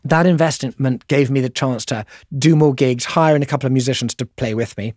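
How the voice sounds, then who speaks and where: A man's voice: medium pitch, a little fast, darkish tone, no echo, studio quality. A middle-aged man with a posh English accent, chatting as an interview guest in a rambling, self-deprecating way. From England. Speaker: guest musician. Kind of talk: casual interview conversation.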